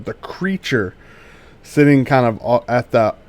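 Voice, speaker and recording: A man narrating a tabletop game as game master, halting and full of fillers and restarts. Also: mid-range voice, no echo.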